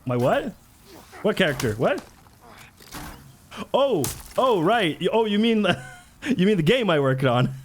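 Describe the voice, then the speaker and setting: A man chatting casually as a live game streamer, excitable and giggly. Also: high-pitched, measured pace, pauses often, slight background noise.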